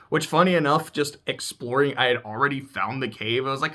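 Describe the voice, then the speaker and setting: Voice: mid-range voice, fairly quick, sharp tone. Chill youtuber recapping a game, swears a lot, laughs as it goes. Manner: laid-back, swearing, laughing asides.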